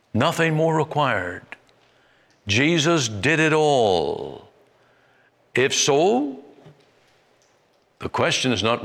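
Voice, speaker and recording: Slow, deliberate male preacher. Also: medium pitch, fairly bright tone. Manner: slow, deliberate, emphatic, with long pauses. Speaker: Bible preacher. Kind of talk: sermon. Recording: long hall reverb.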